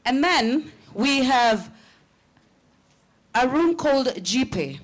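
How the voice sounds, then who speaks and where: Woman emcee, higher voice, breezy and directive with the crowd. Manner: chatty, joking, directive. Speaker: conference master of ceremonies. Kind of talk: event announcements.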